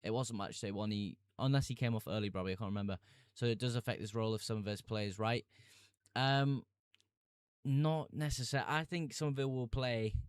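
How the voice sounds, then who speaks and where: A man's voice: medium pitch, brisk, smooth, no echo, studio quality. A young man streaming live, chatting casually, laughing easily, and answering viewer comments about fantasy football picks.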